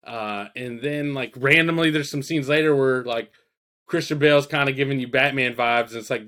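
Pitched fairly high, this man's voice is bright and forceful at a moderate pace. He co-hosts a podcast, casually reviewing films in a profane, meandering chat full of fillers and quoted asides.

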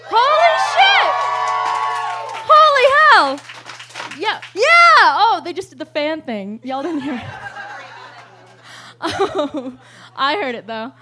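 Young woman, stand-up comedian, high voice, profane, animated, laughs mid-line. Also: slow pace, long pauses, over a noisy crowd, very noisy. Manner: profane, animated storytelling with loud outbursts; laughs often mid-sentence. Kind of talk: live stand-up set. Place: live show stage.

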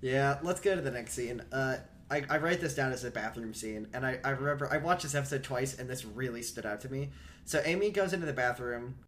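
A man's voice: medium pitch, fairly quick, slight background noise. A man co-hosting a podcast, casually recapping a TV episode and acting out the characters' lines. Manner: animated, acts out characters' lines in shifting voices. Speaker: podcast co-host.

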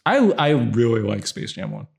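A man's voice: medium pitch, moderate pace, gravelly. A man co-hosting a casual film chat, sarcastic and ranting, his voice jumping up when annoyed. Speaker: podcast co-host.

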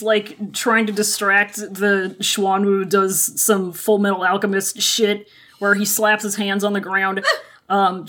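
A woman's voice: medium pitch, a bit bright. A woman co-hosting a podcast, recapping a story in casual chat with crude jokes and frequent laughter. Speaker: podcast co-host.

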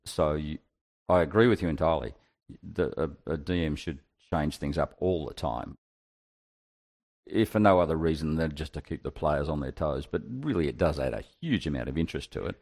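A man's voice: extremely low pitch, animated, normal speed, vocal fry, darkish tone. A male podcast co-host chatting earnestly about tabletop games, stumbling at the start of sentences. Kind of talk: casual chat about tabletop gaming.

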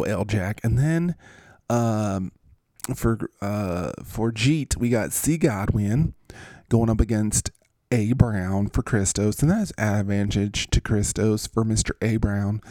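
A man's voice: fairly low pitch, warm tone, no echo, studio quality. A man hosting a fantasy football podcast who runs through matchups in a casual, jokey way with lots of fillers. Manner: easygoing, filler-heavy, jokey.

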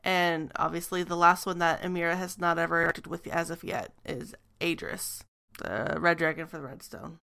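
Woman game master, gravelly smooth voice, halting scene narration. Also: on the low side, flat delivery, sharp tone. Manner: descriptive, hesitant with frequent ums.

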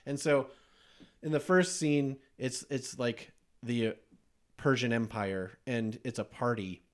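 A man hosting a podcast, chatting casually about movies, enthusiastic and quick to laugh as he recounts scenes with plenty of fillers. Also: medium pitch. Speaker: podcast host.

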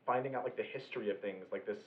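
A man's voice: fairly low pitch, racing. A man chatting enthusiastically about his group's tabletop game, swearing casually. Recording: tinny and echoey.

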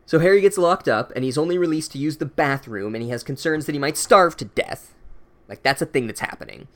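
A man's voice: a little high, expressive, a little fast, fairly bright tone. A young man recapping a book chapter with sarcastic, profane comedy and mock-academic asides.

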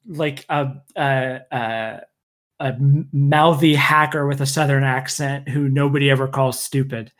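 A man's voice: a little high, fairly bright tone. A man with no regional accent, talking in a hesitant way with many restarts in casual political podcast chat. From United States.

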